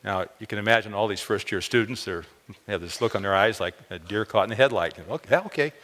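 Male chapel preacher in an echoing hall. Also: fast talker. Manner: expressive, lifts pitch on key words. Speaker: chapel speaker. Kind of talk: storytelling sermon. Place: college chapel. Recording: long hall reverb.

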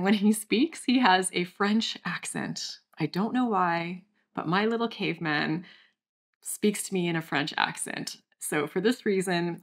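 A young woman hosting a channel, calmly and gently guiding listeners through a step-by-step brain training exercise. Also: lowish voice. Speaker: channel host, recovery coach. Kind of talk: guided exercise instruction.

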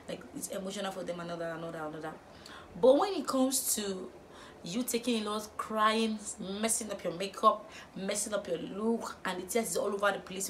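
A young woman vlogging, firing off exasperated rhetorical questions in an animated opinion rant. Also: medium pitch, brisk, a little hiss or hum.

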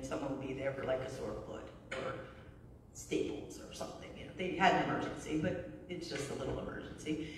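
A woman's voice: lowish voice, slight background noise. A middle-aged woman giving a conversational sermon, telling stories and often asking "right?", recorded in a church sanctuary. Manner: conversational, storytelling, frequent "right?". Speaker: pastor. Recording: echoey hall from far off.

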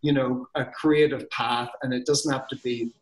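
A man's voice: mid-range voice, steady tone, normal speed, roomy sound, low-quality recording. A man with a Northern Irish accent, chatting as a guest on a video call in a rambling, jokey, self-deprecating way. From Northern Ireland. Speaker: guest illustrator and author. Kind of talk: casual chat.

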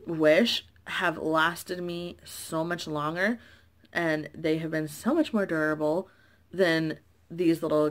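A young woman vlogging from home and retelling a grievance in a rambling, exasperated way, full of "like" and "um". Her voice sits a little low for a woman, and the camera mic picks her up plainly. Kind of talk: casual storytime vlog.

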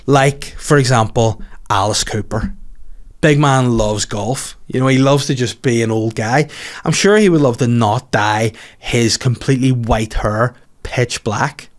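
A Northern Irish comedian in his mid-thirties hosts his own podcast, delivering a casual solo monologue at an unhurried pace. His voice is mid-range for a man, and he rambles through stories, swearing freely, joking around and slipping into mocking voices.

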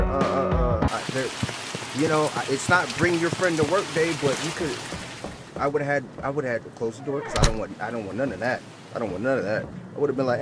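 A man with a mid-range voice talks fairly quickly as he plays a horror game for his channel over loud game music. Frightened and sweating, he rambles nervously, says things more than once, and speaks to viewers as bro and y'all.

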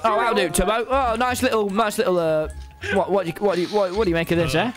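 A young man streaming a game, joking in a put-on gruff working-class bloke persona and swearing freely. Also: high-pitched, steady tone, fast, music in the background. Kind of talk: comic gaming banter in character.

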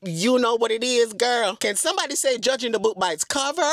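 A man's voice: extremely high pitch, lively intonation, fairly quick, fairly bright tone, no room sound, studio quality. A man telling a story from inside a car in a sassy, dramatic way, calling his audience girl and breaking into bits of song. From Atlanta area. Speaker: storytime vlogger. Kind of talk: casual storytime chat.

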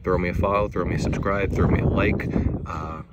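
Low, flat-voiced man reviewing cigars. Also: a little fast, lo-fi sound, very noisy. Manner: laid-back, repeats words, swears casually. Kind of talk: casual video review.

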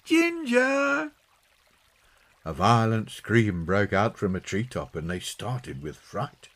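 Man, audiobook narrator, lowish voice, slow unhurried pace, lively intonation. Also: husky. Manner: slow, lively reading with raised pitch for quoted children. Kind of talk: scripted narration of a children's story.

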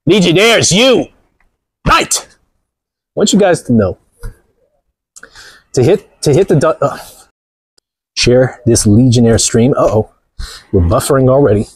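Husky-voiced man joking on a livestream. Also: medium pitch, expressive, a little slow, long pauses, no room sound. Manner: mocking, playful, laughs often. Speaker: livestream host. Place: outdoors walking near the ocean.

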